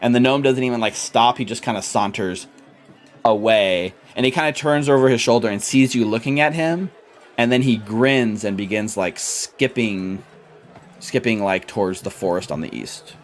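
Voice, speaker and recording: A man's voice: mid-range voice, moderate pace, a little hiss or hum. A man narrating as game master, loose and chatty with lots of fillers.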